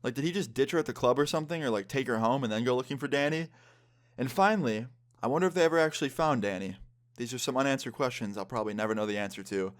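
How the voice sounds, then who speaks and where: A young man telling a story casually, with lots of swearing and filler. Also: mid-range voice. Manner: fast, animated, lots of swearing and "like". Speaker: vlogger.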